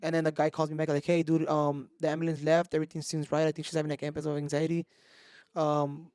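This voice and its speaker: Fast-talking man, high voice. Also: smooth, dry recording, studio quality. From Mexico. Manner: animated storytelling, swearing, mixing Spanish into English. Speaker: podcast co-host. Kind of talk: casual chat.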